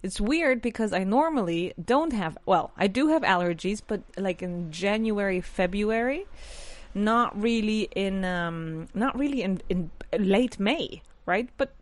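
A woman hosting an English lesson podcast, her voice nasal from allergies, chatty and quick to correct herself. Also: mid-range voice, no room sound. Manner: chatty, self-correcting, lively. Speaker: English teacher, podcast host. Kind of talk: casual language lesson.

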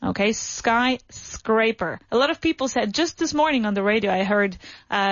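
A woman's voice: on the high side, animated, normal speed, dry recording, muffled recording. Upbeat woman teaching English. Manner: upbeat, encouraging, corrects pronunciation. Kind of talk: classroom language lesson. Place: studio.

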